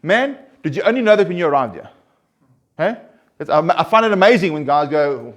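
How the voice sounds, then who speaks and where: A man's voice: a little high, very animated, a little fast. A man counseling a recovery group, talking earnestly and conversationally, often restarting and pressing his points with rising emphasis. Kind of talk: informal group talk.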